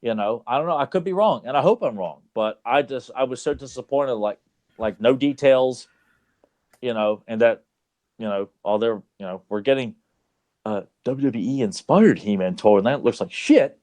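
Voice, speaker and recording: A man's voice: mid-range voice, expressive, moderate pace, a little mellow. A man co-hosting a casual podcast, blunt and grumbling, who swears freely. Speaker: podcast co-host.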